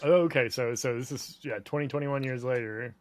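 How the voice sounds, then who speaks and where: A man co-hosting a relaxed podcast who keeps pressing his co-hosts with follow-up questions. His voice is middle-pitched and sounds dry and close to the mic. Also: fairly quick, no room sound. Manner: inquisitive, asks follow-up questions. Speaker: podcast co-host. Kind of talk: casual podcast chat.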